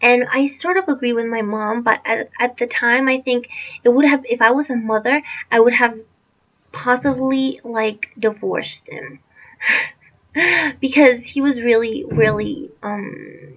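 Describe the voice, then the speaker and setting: A woman's voice: fairly high pitch, slow, fairly bright tone. A young woman telling a personal story time in a rambling, self-correcting way. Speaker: vlogger. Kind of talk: storytime vlog. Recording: dull lo-fi sound.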